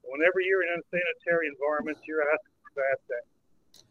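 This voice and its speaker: A man's voice: a little high, fairly quick, a little hiss or hum. A man calling in to a talk show, blunt and emphatic, heard over a phone line. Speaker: caller. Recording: tinny dry phone line.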